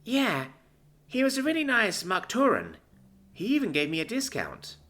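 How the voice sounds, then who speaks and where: A man's voice: high-pitched, huge pitch swings, sharp tone, voice pushed up, heavily acted. A man voicing a timid young female alien with fur and ears, eager and apologetic. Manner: eager, apologetic, quick to fluster.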